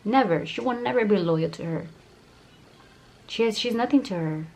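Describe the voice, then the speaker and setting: A woman's voice: medium pitch, normal speed, gravelly, mellow. A young woman telling a heated storytime vlog, profane and full of "like" fillers. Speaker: YouTuber.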